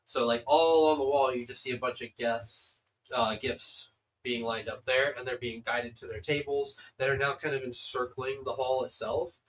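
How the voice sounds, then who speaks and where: A man's voice: medium pitch, steady tone, moderate pace, fairly bright tone, far from the mic, slight background noise, poor audio. A man narrating as game master of a tabletop game, rambling with many fillers.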